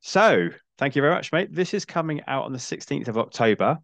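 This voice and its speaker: A man hosting a casual podcast, relaxed and affirming, with lots of agreeing murmurs. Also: mid-range voice, a little fast, no echo. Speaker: podcast host.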